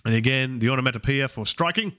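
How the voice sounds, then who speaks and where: A man's voice: mid-range voice, quick pace, fairly bright tone, clean tone. A man hosting a live study stream, working through translations aloud and questioning himself as he goes. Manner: puzzles over translations aloud, self-questioning. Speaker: Latin learner hosting a stream.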